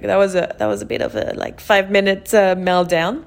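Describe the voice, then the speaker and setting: A woman's voice: medium pitch, level tone, moderate pace, vocal fry, hardly any pauses. A woman hosting a podcast, telling a personal story in an open, emotional way and often saying "like" and "you know". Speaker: podcast host.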